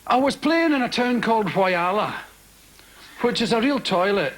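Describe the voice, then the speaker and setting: A man's voice: high-pitched, normal speed, heavy background noise. A Scottish man doing stand-up, telling rambling stories to a live theatre audience. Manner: animated, rambling, mock-indignant. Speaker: stand-up comedian. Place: stage of a large theatre.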